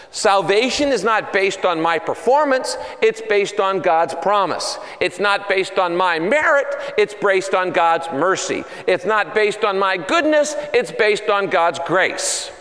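A male pastor preaches with a lively storyteller's manner, slipping into the voices of the people he quotes. His voice sits high for a man. The sound carries a long hall reverb. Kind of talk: sermon.

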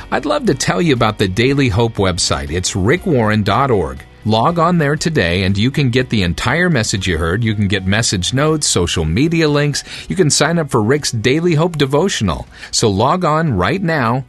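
A man reading a scripted promo as a radio program announcer, friendly and smooth. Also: medium pitch, sing-song, normal speed, few pauses, faint music behind.

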